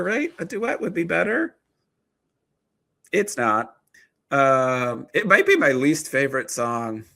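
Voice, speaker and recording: A man's voice: on the low side, pushed and bright, dry recording. A man in his thirties, a therapist hosting his own video, talking casually with many fillers, restarts and wry asides. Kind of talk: casual talking-head commentary.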